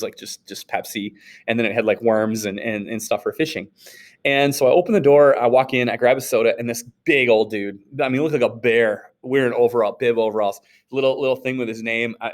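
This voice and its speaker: A man from Wisconsin with an Upper Midwest accent, a history teacher telling a story in a casual, rambling class talk full of restarts. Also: on the low side. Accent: Upper Midwest American. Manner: rambling, informal, many restarts and fillers.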